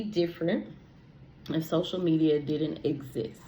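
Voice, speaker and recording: A woman's voice: sits low, measured pace, darkish tone, low-quality recording. A young adult woman hosting a podcast, chatting casually and expressively, talking straight to her listeners and laughing easily. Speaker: podcast host. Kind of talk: casual solo podcast chat.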